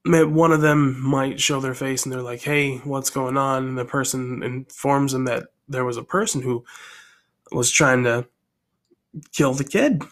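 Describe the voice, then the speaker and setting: A man with an ordinary mid-pitched, slightly bright voice casually shares one of his own story ideas, still working it out. He rambles and thinks aloud, often pausing to decide what comes next.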